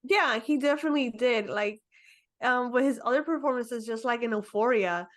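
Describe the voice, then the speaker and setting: Casting note: a young female podcast co-host. Loose and chatty, with a slightly high voice. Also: moderate pace, a bit bright. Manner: chatty, lots of "like" and "you know", giggles. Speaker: film review podcast co-host. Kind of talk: casual movie review chat.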